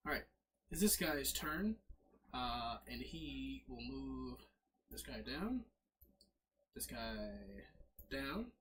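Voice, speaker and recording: A man's voice: medium pitch, slow pace, long pauses, slight background noise. A man casually narrating as game master, fumbling with his setup and correcting himself as he goes. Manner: lively, fumbling with slides, self-correcting.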